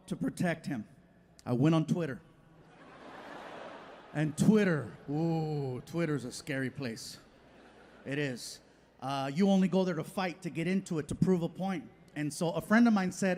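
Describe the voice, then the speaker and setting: High-voiced animated stand-up comedian man. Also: measured pace, pauses often. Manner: animated, storytelling, laughs often. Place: comedy stage before a live audience.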